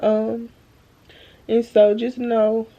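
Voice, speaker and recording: Drained young woman, gravelly voice. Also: on the high side, little pitch movement, warm tone, highs cut off. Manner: earnest, slow and halting, addresses viewers as y'all. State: drained, holding back tears. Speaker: vlogger. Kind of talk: emotional faith-filled vlog talk. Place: at home, bedroom. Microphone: phone camera.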